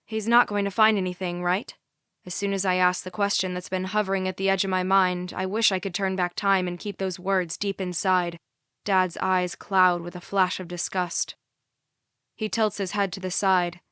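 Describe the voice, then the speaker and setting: A woman narrating a first-person thriller audiobook in a measured, tense way, on a close studio mic. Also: fairly low pitch, little pitch movement, pushed and bright, clean tone, dry recording.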